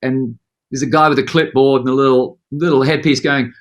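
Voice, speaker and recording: A man telling a story in an interview, lively and animated, acting out the other people's lines as he goes. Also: mid-range voice, normal speed. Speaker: musician guest.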